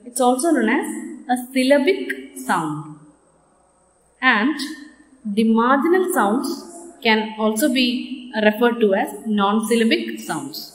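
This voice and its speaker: A woman lectures a class, her voice set a little high. She repeats example words slowly and checks in with "okay?" as she goes. The room around her is echoey, with a long reverb tail. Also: lively intonation. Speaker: teacher.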